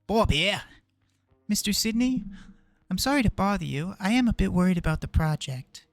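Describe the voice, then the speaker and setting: A man's voice: mid-range voice, unhurried, sharp tone, clear, resonant tone, no echo. A man reading aloud as a worried male film producer on a phone call in a video game script, voice raised above his own. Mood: anxious.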